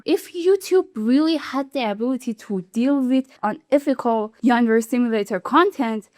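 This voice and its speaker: A woman hosting a YouTube commentary in English, which is not her first language. She explains in an animated, indignant way and laughs now and then. Her voice sits fairly high, and the recording is dry and close. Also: no echo. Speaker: YouTube channel host. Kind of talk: video commentary.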